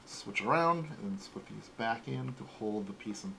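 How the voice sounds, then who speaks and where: A man in his forties hosting a casual toy unboxing, talking in a relaxed, rambling way. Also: fairly low pitch, normal speed, creaky, slight background noise, poor audio. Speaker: toy collector host.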